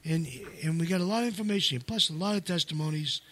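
Speaking fast in a fairly high, slightly bright voice, a man who runs seminars and co-wrote a book gives a casual promotional chat. He rambles, restarts and fills his talk with fillers, yet drives home his main points hard.

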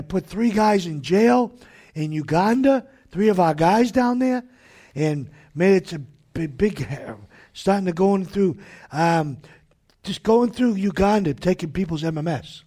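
A man with a high, husky voice rants through a religious talk broadcast. He sounds combative and fiery, like a preacher scolding his enemies, and throws in sudden shouted jabs. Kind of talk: ranting preacher-style talk.

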